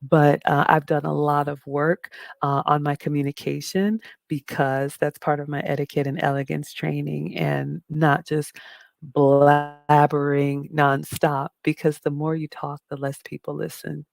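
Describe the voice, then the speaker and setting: A middle-aged woman with a deep, raspy voice, chatting casually on a livestream and reading viewer comments aloud. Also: flat delivery, measured pace, dry recording, studio quality. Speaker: livestream host reading chat.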